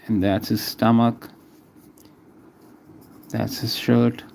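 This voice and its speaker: This artist talks his way through a live drawing stream, calling out every stroke and chatting with his viewers between them. He speaks at a medium pitch with little pitch movement, drawing out his words in a gravelly, darkish voice over slight background noise.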